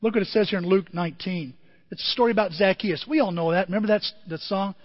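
A man preaching a sermon as pastor, animated, swinging from loud emphasis to quiet asides. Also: sits high, fast, big-room sound, dull audio. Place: church.

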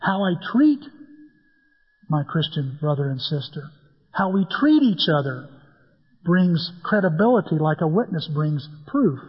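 An older man with a high, husky voice preaches a folksy sermon full of family stories and gentle humor. His words ring out with a long reverb through a church hall. The sound is dull and lo-fi. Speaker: pastor. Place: church sanctuary.

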